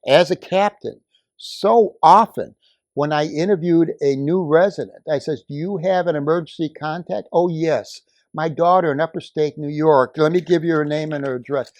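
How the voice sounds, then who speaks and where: An older man speaking at a community meeting, telling a story and building to forceful, emphatic outbursts. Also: fairly high pitch, normal speed, no room sound. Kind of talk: impassioned public comment.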